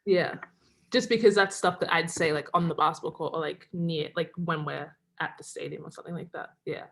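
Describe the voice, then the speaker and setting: Chatty young Australian woman, lower voice. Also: fairly even intonation, fairly quick, vocal fry, a bit bright. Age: young adult. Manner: chatty, many "like" fillers, laughs often. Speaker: college basketball player, guest. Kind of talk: casual remote interview. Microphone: video call.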